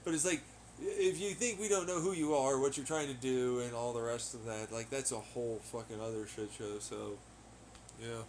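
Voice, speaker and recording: A man hosting a podcast in a rambling, casual monologue, swearing freely, laughing often and getting loud when excited. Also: medium pitch, moderate pace. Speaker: podcast host. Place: at home on laundry day.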